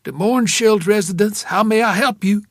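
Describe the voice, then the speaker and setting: A courteous female maid answering the phone, her voice pitched high and her manner formal and polite, as a man narrator puts her on. She speaks in a clipped, dry storybook delivery. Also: normal speed, dry recording.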